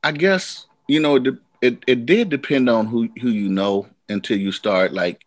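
A man who is a singer-songwriter guest, telling animated, rambling stories in a casual interview. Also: medium pitch, moderate pace, no room sound. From United States.

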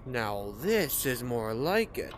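A man's voice: mid-range voice, big pitch swings, slow pace, noisy background. A man playing a VR cooking game, muttering and reacting sarcastically as he plays. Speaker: gameplay streamer. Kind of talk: casual gameplay commentary.

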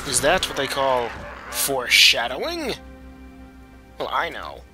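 A man's voice: mid-range voice, wildly swooping pitch, a little slow, music in the background. A young man casually commenting on his gameplay, chatty and joking. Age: young adult. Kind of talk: casual let's play commentary.

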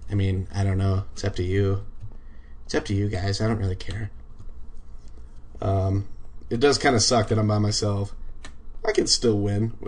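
A man's voice: fairly low pitch, steady tone, moderate pace, long pauses. A man livestreaming a game, chatting casually to his viewers, laid-back and swearing freely. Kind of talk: casual live gaming commentary.

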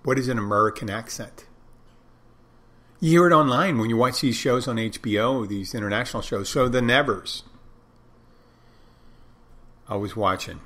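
A man's voice: medium pitch, moderate pace, long pauses, sharp tone. A man hosting a podcast, talking on his own in a loose, wandering way as he thinks aloud. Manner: rambling, digressive, thinking aloud. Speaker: podcast host. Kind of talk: casual solo podcast monologue.

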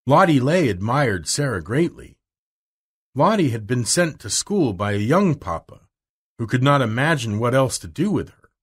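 Slow, husky male storybook reader. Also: mid-range voice. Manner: slow, clear, expressive. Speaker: narrator. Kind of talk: storybook reading for learners.

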